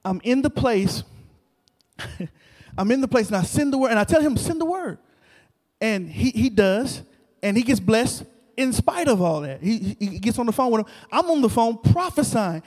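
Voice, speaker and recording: A male preacher telling a story in an animated sermon, repeating phrases and calling out to the congregation. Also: very high-pitched, moderate pace. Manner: animated, repetitive, talks to the crowd. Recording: long reverb of a large hall.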